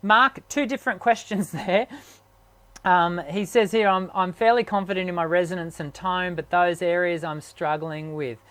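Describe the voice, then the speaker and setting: A man hosting a live online chat as a singing teacher, his voice strained from sickness, talking haltingly with many ums and restarts. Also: high-pitched, fairly even intonation, a bit bright. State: sick, strained voice.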